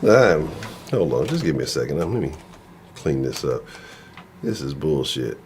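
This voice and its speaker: A man hosting a live sports talk stream, ranting in an animated, profane, casual way. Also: very deep voice, normal speed, a little hiss or hum. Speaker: sports talk show host.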